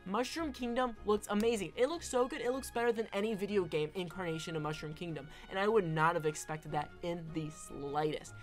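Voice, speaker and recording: A woman's voice: lowish voice, brisk, hardly any pauses, faint music behind. Emphatic woman giving casual commentary. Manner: emphatic, often tags points with "all right?". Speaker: online film commentator.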